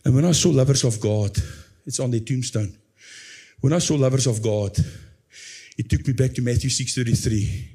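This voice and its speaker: A man preaching a sermon as pastor, reading scripture aloud and acting out a pleading believer in a high, anguished voice before dropping low and slow. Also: warm tone.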